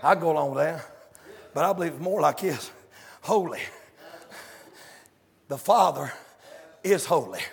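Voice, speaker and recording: A male preacher, shouting and chanting a fiery revival sermon in a church, with calls to the congregation. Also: a little high, lively intonation, a little slow, vocal fry, long pauses. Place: church sanctuary. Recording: echoey sanctuary with long reverb.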